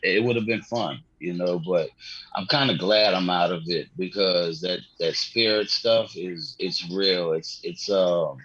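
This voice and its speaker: Husky-voiced man telling stories, dull audio. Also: sits low, a little slow, fairly bright tone, no room sound. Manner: rambling, slangy, swears, laughs often. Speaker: comedian guest. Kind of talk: casual podcast storytelling.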